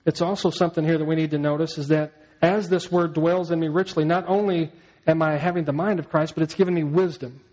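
A man's voice: fairly high pitch, steady tone, fairly quick, darkish tone, poor audio. A man preaching a sermon in a conversational way, often asking the listeners rhetorical questions. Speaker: pastor.

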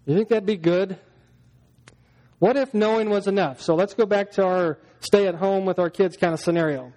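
A man's voice: high-pitched, normal speed, warm tone. A man preaching a sermon as pastor, talking to the congregation in a chatty way and acting out everyday scenes in little voices. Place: church hall. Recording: long hall reverb.

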